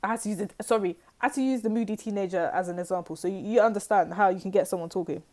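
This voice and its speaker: A woman's voice: medium pitch, very fast, dark tone. A woman giving a casual, rambling tarot reading to her viewers, full of fillers and asides. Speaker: tarot reader.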